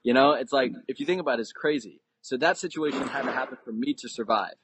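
A man's voice: medium pitch, fast talker, noisy background. A man on a podcast, telling a personal story in an earnest, conversational way that builds suspense. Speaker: podcast guest.

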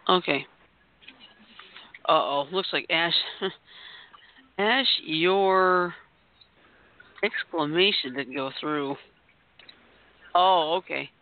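Giggly host with a gravelly voice over a tinny line. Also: medium pitch, drawn-out words, long pauses, no room sound. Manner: giggly, chatty, calls on players by name. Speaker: host running a word game. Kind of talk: casual podcast game hosting. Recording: tinny phone-line audio.

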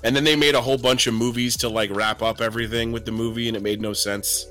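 A man co-hosting a casual chat podcast, telling stories with laughter and mimicking a mumbling witness in low, quiet tones. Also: little pitch movement, quick pace, faint music behind. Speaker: podcast co-host.

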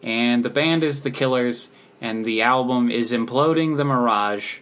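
A man co-hosting a podcast in casual chat, laid-back and dry with halting phrasing. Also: mid-range voice, a bit bright. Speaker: podcast co-host.

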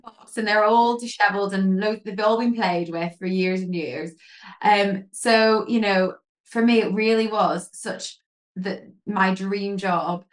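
Chatty woman telling lively anecdotes. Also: medium pitch, measured pace. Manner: lively storyteller, many fillers, acts out quotes. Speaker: guest, pageant queen and photographer. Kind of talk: casual interview chat.

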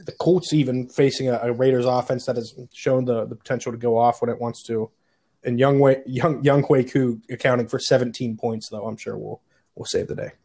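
A man's voice: mid-range voice, little pitch movement, fairly quick, gravelly, darkish tone, slightly rough. A man co-hosting a casual fantasy football podcast, teasing the others with dry sarcasm. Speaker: fantasy league co-host.

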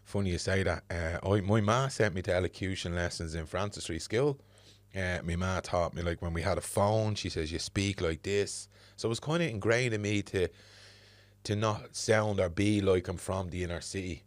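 A man's voice: low voice, normal speed, no echo. A middle-aged Dublin man hosting a podcast, talking earnestly and reflectively with plenty of fillers. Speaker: podcast host. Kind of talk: casual podcast conversation.

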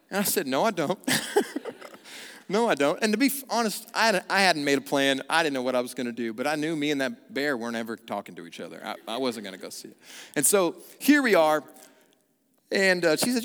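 Man, pastor, fairly high voice, animated storytelling, hushed slow prayer, long church reverb. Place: church auditorium.

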